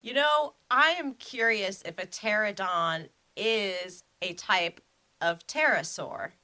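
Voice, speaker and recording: A woman's voice: medium pitch, slow pace, pushed and bright. A woman co-hosting a casual podcast, talking with lots of "like" and "you know" and laughing. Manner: many "like" and "you know" fillers, giggly. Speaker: podcast co-host.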